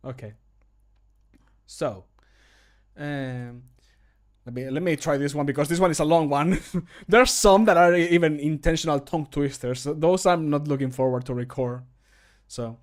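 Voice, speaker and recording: A man's voice: fairly high pitch, normal speed, pauses often. A young man whose first language is Spanish, chatting casually on a live stream while recording voice lines at home; he rambles, mocks himself and laughs often. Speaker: streamer and voice actor.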